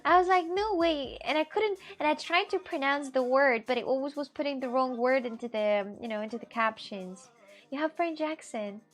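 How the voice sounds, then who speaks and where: A woman with a fairly high voice chats casually on a live stream, her phrasing simple and halting. Her nose sounds stuffed up, and faint music plays behind her outdoors. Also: a bit bright. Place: outdoors, sitting in a hammock.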